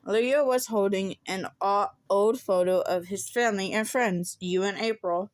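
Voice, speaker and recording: Slow, halting woman reading fan fiction. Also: medium pitch, no echo. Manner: halting reading, self-corrections and giggling asides. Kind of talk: casual story reading. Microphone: phone.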